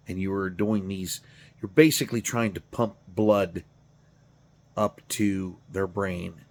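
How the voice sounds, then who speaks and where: Middle-aged man, lowish voice, tired, profane, rambling, self-mocking. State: tired, yawning. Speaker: garage channel host. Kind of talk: casual rambling monologue.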